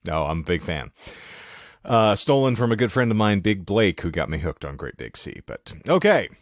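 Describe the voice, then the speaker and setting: Low-voiced, wordy podcast host. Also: male voice, sing-song, normal speed, no room sound, clean studio sound. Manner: wordy, mock-formal phrasing. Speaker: podcast host reading headlines. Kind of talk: casual podcast banter.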